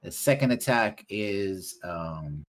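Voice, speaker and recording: Man, game master, low voice, animated delivery, halting narration. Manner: halting, many ums and uhs while narrating.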